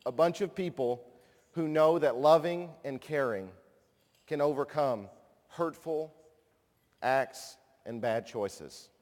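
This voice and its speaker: A man in his thirties giving a conference speech, telling a personal story with self-deprecating humor before he introduces a guest. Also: on the high side. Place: large conference hall. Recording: long hall reverb.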